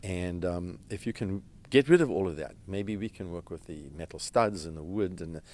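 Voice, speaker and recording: A man, a restaurant founder, telling his story in an interview in an earnest, halting way, with fillers and restarts. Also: low-pitched, darkish tone. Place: red carpet event.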